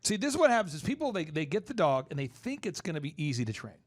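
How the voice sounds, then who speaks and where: A man hosting a casual podcast, rambling and animated as he acts out what people say. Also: on the high side, fast talker, dry recording, studio quality. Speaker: podcast host promoting a dog training business.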